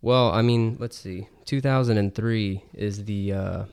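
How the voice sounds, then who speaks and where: A man's voice: lowish voice, a little slow, darkish tone, clear, resonant tone. A man co-hosting a podcast in casual chat, explaining things thoughtfully with many ums and uhs. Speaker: podcast co-host.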